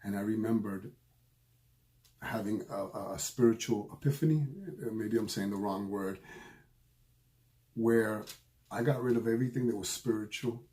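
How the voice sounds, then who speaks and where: Mellow, low-voiced man telling an emotional story. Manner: earnest and emotional, halting with repeated phrases. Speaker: spiritual medium. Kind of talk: personal storytelling to camera.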